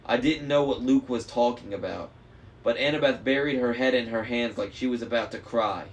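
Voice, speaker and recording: A man reading a novel aloud in first person on a live stream, steady with small slips. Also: medium pitch, normal speed. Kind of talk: audiobook reading. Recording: faint noise, slightly distant mic.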